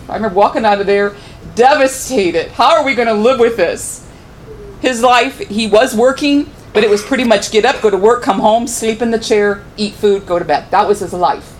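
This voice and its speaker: A woman's voice: a little hiss or hum, rough recording. A middle-aged woman giving a personal testimony in church, telling her story earnestly. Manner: earnest storytelling, pitch rising when moved.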